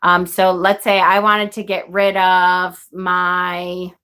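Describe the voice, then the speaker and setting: Chatty bright-voiced woman in her forties. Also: fairly low pitch, monotone, takes it slowly, smooth. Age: 40s. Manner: chatty, rambling, laughs often. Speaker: witchcraft vlogger. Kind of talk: casual storytelling chat.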